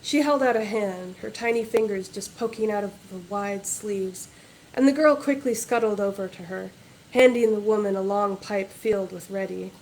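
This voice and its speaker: A woman author reading her historical fantasy novel aloud in a measured, even way. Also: medium pitch, poor audio.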